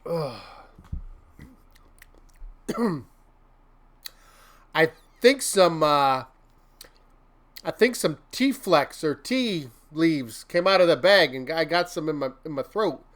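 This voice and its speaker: A man's voice: a little high, expressive, slow, long pauses, fairly bright tone. A man hosting a casual motivational livestream, rambling and laughing often, breaking into silly mock-venting with made-up curses. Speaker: host.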